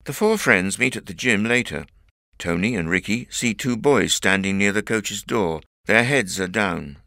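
A man reading a story aloud as narrator in a clear, measured way. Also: on the low side, animated, bright, forceful tone, no echo, clean studio sound. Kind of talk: scripted audiobook narration.

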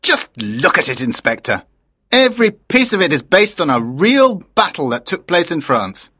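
A man's voice: fairly high pitch, very animated, moderate pace, pushed and bright, slightly rough, no room sound, clean studio sound, full character voice. A man voicing a proud, enthusiastic production director in his late fifties, in audiobook character dialogue.

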